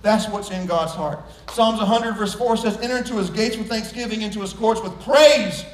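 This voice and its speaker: A man preaching a sermon to a congregation, joking and swinging from hushed asides to loud shouts. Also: high-pitched, normal speed, far from the mic. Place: church sanctuary. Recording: echoey room, voice from off-mic.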